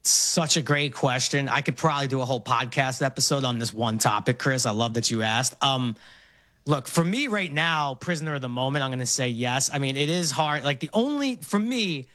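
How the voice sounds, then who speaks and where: A middle-aged man from Brooklyn, telling animated stories as a guest in a casual interview. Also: mid-range voice, no room sound. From Brooklyn, New York. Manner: animated storytelling, quick laughs.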